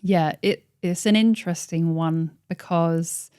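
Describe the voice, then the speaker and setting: A woman's voice: on the low side, steady tone, measured pace, warm tone, clear, resonant tone, no echo, studio quality. A woman in her forties who owns a tailoring business, talking casually and laughing often, acting out voices in her stories. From England. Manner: chatty, laughs often, acts out quoted voices. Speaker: podcast host and tailoring business owner. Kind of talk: casual interview chat. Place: office.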